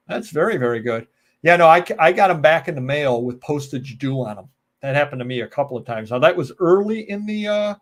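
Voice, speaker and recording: An American man hosting a live stream alone, chatting casually, joking, going off on tangents and answering viewer comments. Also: medium pitch. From United States. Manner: rambling, joking, goes off on tangents. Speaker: live show host.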